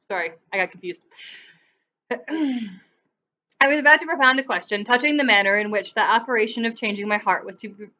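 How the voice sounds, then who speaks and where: Bright-voiced woman reading a classic novel aloud. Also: on the high side, highs cut off. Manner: reads with small slips and corrects herself. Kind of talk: amateur audiobook reading.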